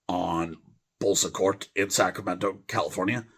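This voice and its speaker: Slow husky man with low voice. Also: a bit bright. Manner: rambling, full of fillers and restarts. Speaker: video host reading a poem. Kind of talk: rambling deadpan monologue.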